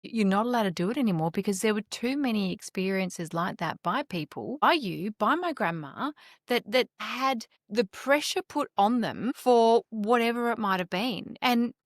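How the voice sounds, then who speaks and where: A woman speaks as a podcast guest, at a mid pitch for a woman. She explains in a direct way. The sound is dry and close to the mic. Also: animated, normal speed, no room sound. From Australia. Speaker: guest expert. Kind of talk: podcast interview.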